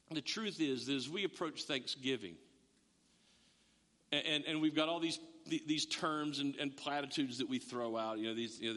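A middle-aged man preaching a sermon as a pastor, animated, acting out voices and often restarting his words. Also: mid-range voice. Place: church sanctuary. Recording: long reverb of a church hall.

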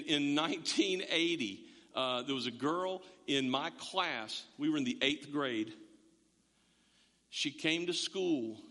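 A middle-aged male pastor preaches with a high, bright, forceful voice that rings through a long hall reverb. He talks in an animated, joking way, stumbling over restarts as he goes. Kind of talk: sermon.

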